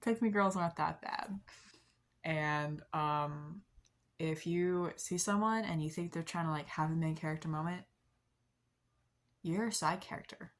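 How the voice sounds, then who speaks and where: A young woman talks casually into her camera, rambling along with lots of likes and ums. She laughs softly at herself now and then, and her voice sits a little low for a woman. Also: unhurried, pauses often. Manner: rambling, many likes and ums, soft self-deprecating laughs. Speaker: vlogger. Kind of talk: casual confessional chat to camera.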